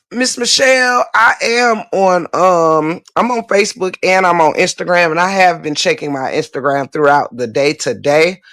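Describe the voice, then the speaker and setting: A woman livestream host talks at a slow, deliberate pace, hammering her points with blunt, profane repetition. She keeps coming back to the viewers and answers their comments directly. The sound is dry and close, with no room around it. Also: lowish voice, fairly bright tone, no echo.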